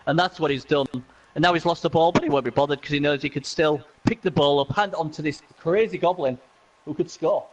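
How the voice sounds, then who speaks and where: A man commentating a video game match casually, excitable and laughing often, with many restarts and repeats. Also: on the high side, fast, highs cut off, background noise.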